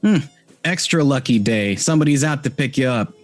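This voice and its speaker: A man's voice: medium pitch, lively intonation, brisk, soft background music, close to an everyday voice. A man voicing a smug, mocking jail cop in a tabletop game. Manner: smirking, mocking.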